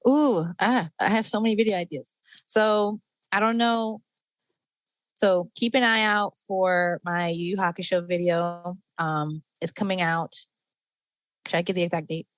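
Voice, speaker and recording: A woman's voice: fairly low pitch, steady tone, a little slow, no echo, rough recording. A woman guest on a podcast, describing things enthusiastically with lots of fillers. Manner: enthusiastic, rambling, many fillers. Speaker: guest, anime content creator. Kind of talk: casual interview chat.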